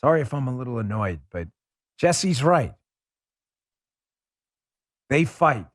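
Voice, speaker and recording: A man's voice: medium pitch, sing-song, slow, no room sound, clean studio sound. A man hosting a political talk show, delivering a heated, scornful monologue. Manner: combative, ranting, scornful.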